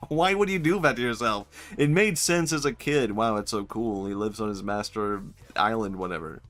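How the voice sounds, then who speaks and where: A man's voice: lowish voice, normal speed, a bit bright, soft background music. A young man streaming a video game, rambling and joking, often swearing and laughing at his own bits. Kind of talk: casual gameplay commentary.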